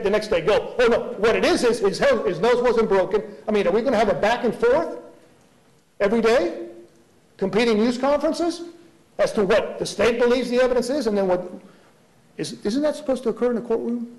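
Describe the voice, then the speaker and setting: A prosecutor arguing a motion before a judge, earnest, with many rhetorical questions and restarts. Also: male voice, high voice, normal speed, a little mellow, low-quality recording. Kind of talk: courtroom argument.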